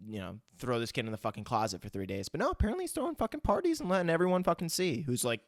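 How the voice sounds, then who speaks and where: A man co-hosting a podcast, chiming in casually about a film with relaxed, profane remarks. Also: on the high side, very fast, no echo, studio quality. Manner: laid-back and profane, chiming in. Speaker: podcast co-host.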